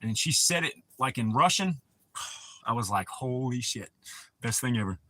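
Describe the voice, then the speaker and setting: A man's voice: mid-range voice, lively intonation, a little slow, pushed and bright, no echo. A man, hosting a casual livestream and rambling crudely with a lot of swearing. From United States. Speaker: livestream host.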